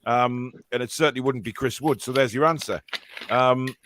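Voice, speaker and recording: A man's voice: mid-range voice, normal speed, fairly bright tone, a little hiss or hum. A man with a Geordie accent hosting a live fan show, chatting casually and rambling with plenty of fillers and restarts.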